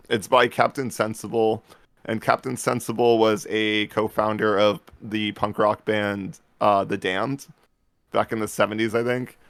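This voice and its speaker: A man with a fairly low, clean voice co-hosts a laid-back podcast. He rambles along in an animated way and breaks into laughs. The sound is close and dry. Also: unhurried, dry recording. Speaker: podcast co-host. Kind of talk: casual chat.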